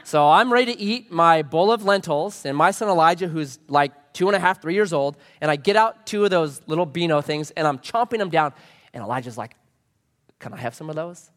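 A man in his thirties preaches a sermon with a lively, swinging delivery, acting out every quote he reads. His voice sits a little high for a man, and it rings out with a long reverb, as if it were filling a big church sanctuary. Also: fairly quick. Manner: animated storytelling preacher, acts out quotes. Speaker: pastor. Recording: long reverb of a large hall.

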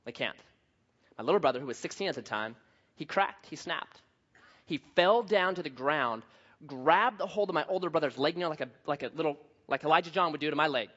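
A man pastor preaching a sermon, telling a story with lively swings from hushed to loud. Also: on the high side, brisk. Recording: dull lo-fi sound.

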